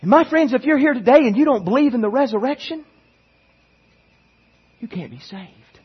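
Husky, impassioned preaching man. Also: very high voice, animated, moderate pace, highs cut off. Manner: pleading, swings from quiet to impassioned. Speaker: pastor. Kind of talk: sermon.

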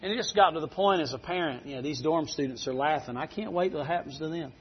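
A man's voice: on the high side, fast. A middle-aged man preaching a sermon, telling a folksy story. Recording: dull lo-fi recording.

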